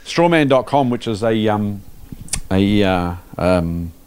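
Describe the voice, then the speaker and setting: A man's voice: fairly low pitch, animated, slow, darkish tone, clean tone. A man hosting a casual podcast, reading listener mail in a jokey, conversational way. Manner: jokey, conversational, lots of fillers. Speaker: podcast host.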